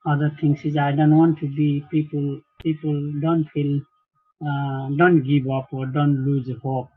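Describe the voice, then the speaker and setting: Halting man guest on a tinny line. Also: on the high side, little pitch movement. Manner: halting, searching for words, many restarts. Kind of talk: casual interview talk.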